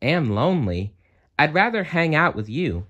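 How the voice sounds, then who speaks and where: A man's voice: on the high side, big pitch swings, normal speed, sharp tone, muffled recording, voice pushed up, full character voice. A man doing Anna, a teasing younger sister. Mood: playful. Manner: teasing, dramatic. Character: playful young adult woman, mischievous younger sister.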